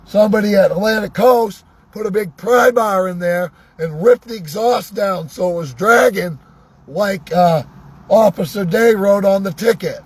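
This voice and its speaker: Hoarse, high-voiced man ranting sarcastically. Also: a little slow. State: hoarse, losing his voice. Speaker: vlogger. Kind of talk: angry ranting monologue. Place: inside a vehicle.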